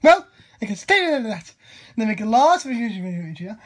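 Woman with a high, lively voice, playfully joining in a made-up story. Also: normal speed.

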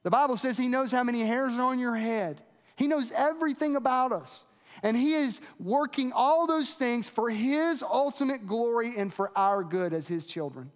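A male pastor preaching in an earnest, conversational way, stumbling and repeating words as he goes. His voice sits very high for a man. The sound rings with a long reverb, as in a large hall. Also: animated, moderate pace. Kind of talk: sermon.

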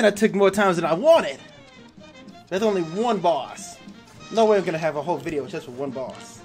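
A man commenting on a video game as he plays, excitable and swearing, laughing at his own fails. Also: high-pitched. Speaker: gaming YouTuber. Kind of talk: let's play commentary.

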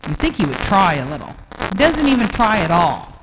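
A woman telling a children's story at church in a playful, animated way, with animal noises. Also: fairly low pitch, fairly quick, noisy background. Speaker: children's time leader at church. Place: church sanctuary.

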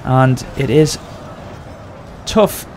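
A man hosting a gaming channel, excitedly commentating a battle over gameplay and often addressing his audience. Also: mid-range voice, extremely slow, slight background noise.

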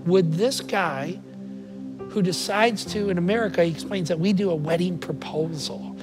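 A man preaching a sermon to his congregation, energetic and emphatic, asking them rhetorical questions. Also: high-pitched, moderate pace, music in the background. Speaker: pastor. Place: church auditorium.

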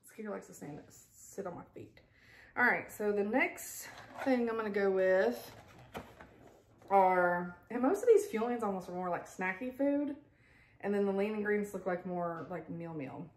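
A woman's voice: mid-range voice, lively intonation, normal speed, roomy sound, slight background noise. A woman chatting casually at home as a vlogger, rambling with frequent asides and laughs. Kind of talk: casual unboxing chat. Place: home kitchen table with pets around.

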